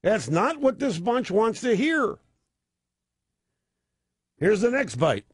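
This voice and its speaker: A male radio host riffs through a sarcastic, opinionated monologue with mocking asides. His voice sits high and swings widely in pitch, with a husky grain. The sound is close and dry. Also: very animated, slow, no room sound. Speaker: radio talk show host.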